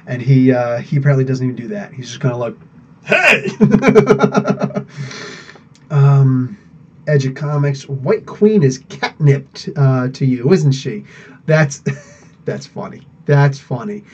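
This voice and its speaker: A man's voice: mid-range voice, a little slow. A man hosting a live podcast stream, chatting casually, rambling and laughing as he answers viewers. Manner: rambling, animated, laughs often. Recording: dull lo-fi sound.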